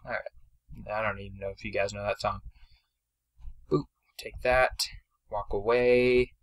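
A man's voice: on the low side, measured pace. Chatty young man commentating a game. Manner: chatty, self-deprecating, excitable bursts. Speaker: gameplay commentator.

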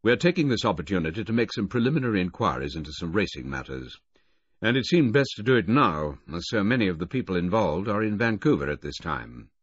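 A measured, smooth-talking military officer in an audiobook, read by a man. His low, husky voice carries official weight in a dry, dull recording. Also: sing-song, no echo, exaggerated voice. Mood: formal.

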